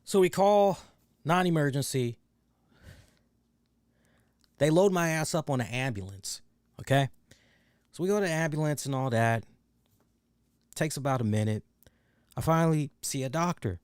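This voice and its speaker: A man's voice: on the high side, expressive, moderate pace, long pauses, a little mellow, clean tone, dry recording, clean studio sound. A man hosting a podcast, telling a personal story in a frank, profane, casual way with many fillers. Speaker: podcast host.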